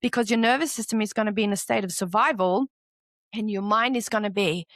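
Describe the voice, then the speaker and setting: A woman's voice: mid-range voice, a little fast, no room sound, clean studio sound. A woman hosting a solo motivational podcast, talking candidly and animatedly and swearing freely. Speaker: podcast host.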